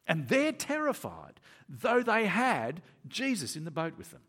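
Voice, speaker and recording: A man preaching a sermon, reading scripture and then explaining it in an animated way, acting out the voices of Jesus and the disciples. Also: high voice, normal speed.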